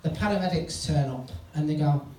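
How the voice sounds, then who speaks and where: A male stand-up comedian, telling a rambling, sweary story in a deadpan way on a club stage. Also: on the high side, brisk, a crowd in the background. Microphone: stage mic. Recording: echoey room from far off, noisy. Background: audience laughter.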